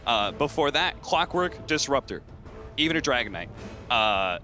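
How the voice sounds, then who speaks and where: A man's voice: mid-range voice, big pitch swings, normal speed, pushed and bright, faint music behind. A man from Seattle, an esports analyst who breaks down plays in a talkative, analytical way. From Seattle, USA. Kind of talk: casual panel analysis.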